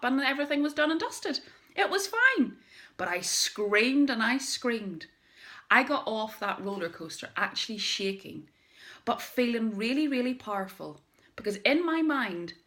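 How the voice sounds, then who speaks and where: A middle-aged woman speaking to camera at a medium, even pitch. She tells a motivational personal story with lively emphasis and dramatic pauses. She sounds like a direct-sales business owner encouraging her team.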